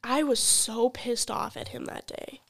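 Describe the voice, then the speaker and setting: A young woman talks on a podcast in a studio, congested from a cold, her slightly high voice edged with fry. She tells stories in an animated, casual way, acting out what people said. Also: measured pace. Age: young adult. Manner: animated storyteller, acts out quotes, swears. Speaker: podcast guest. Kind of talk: casual chat.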